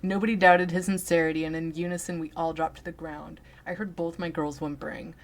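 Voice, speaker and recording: A woman reading a story aloud in a deliberate, dramatic way, now and then muttering asides. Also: deep voice, flat delivery. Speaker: story reader.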